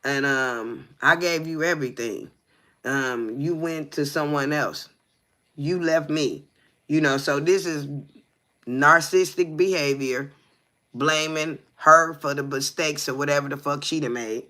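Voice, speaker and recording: A man's voice: fairly high pitch, unhurried, pushed and bright. A man co-hosting a livestream, reading a text aloud with stumbles and breaking off to ask the listener "you hear me". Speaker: livestream co-host.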